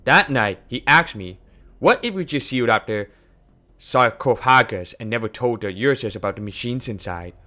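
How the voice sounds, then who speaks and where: A man reading a game aloud, voicing an older male scientist mentor who speaks in a quiet, measured, sorrowful way. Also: mid-range voice, animated. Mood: reminiscing.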